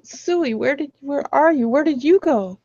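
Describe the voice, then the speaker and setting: A woman's voice: sits high, expressive, measured pace, dark tone, highs cut off, voice pushed up. A woman voicing a young woman adventurer who is choked up and pleading. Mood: tearful.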